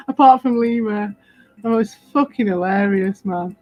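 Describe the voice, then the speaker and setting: A woman's voice: mid-range voice, moderate pace, darkish tone, no echo, soft background music. Sweary rambling British woman ranting. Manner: sweary, rambling and defiant, laughing often. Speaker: crypto streamer. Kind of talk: casual ranting monologue.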